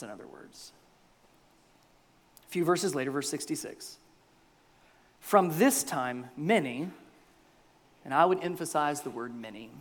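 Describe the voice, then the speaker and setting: A man preaching a sermon as pastor, swinging between loud bursts and near-whispers. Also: medium pitch, a little slow, pauses often, long reverb tail. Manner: animated preaching with big swings in loudness, dropping to near-whispers.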